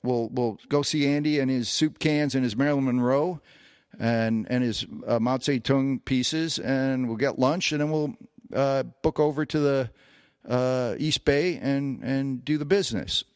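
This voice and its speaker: A man's voice: medium pitch, unhurried, darkish tone, clean tone, dry recording, studio quality. Man telling a story on a podcast. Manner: recounts an anecdote at length, with many fillers and restarts. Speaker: podcast co-host. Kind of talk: casual storytelling.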